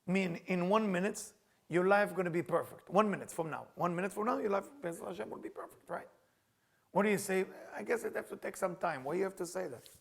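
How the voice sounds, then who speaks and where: A middle-aged Kabbalah teacher leads a spiritual class in non-native English phrasing, animatedly acting out the people he quotes. His voice is high-pitched with vocal fry, and he talks briskly.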